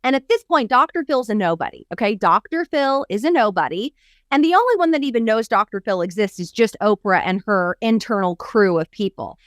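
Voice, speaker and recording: A woman's voice: mid-range voice, brisk, no room sound, clean studio sound. A woman coach co-hosting a podcast in a casual chat, telling stories with a lot of animation. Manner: animated storyteller who acts out quotes. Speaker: podcast co-host and business coach.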